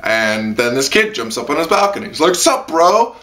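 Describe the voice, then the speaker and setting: A man rambles through a casual spoken anime review, packed with fillers and sudden high-pitched mock quotes. He sounds very animated and sharp-toned, talking a little fast.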